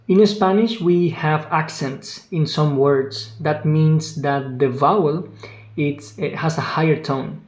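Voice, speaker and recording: A language teacher giving an online lesson, speaking slowly and patiently, repeating each word several times and exaggerating the pronunciation on purpose. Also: mid-range voice, a little mellow. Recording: roomy echo with faint keyboard clicks.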